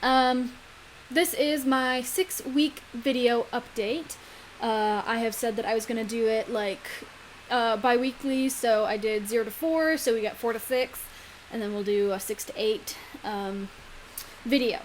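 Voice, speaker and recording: A woman's voice: on the high side, unhurried, a little hiss or hum, poor audio. A young woman chatting casually in a vlog, full of ums and likes. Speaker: vlogger. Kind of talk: casual pregnancy vlog chat.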